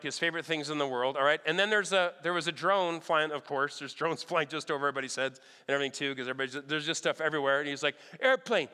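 A man preaching a sermon, telling lively stories in an animated way and checking in with his listeners again and again. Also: fairly high pitch. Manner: animated, checks in with "all right?" often. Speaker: pastor. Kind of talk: storytelling sermon. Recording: long hall reverb.

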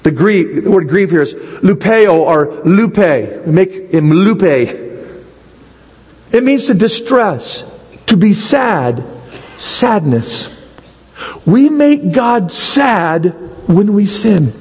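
A man's voice: high-pitched, big pitch swings, drawn-out words, a little mellow, husky, long reverb tail, poor audio. A man preaching a sermon in a church, asking the congregation rhetorical questions and acting out little quotes. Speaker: pastor.

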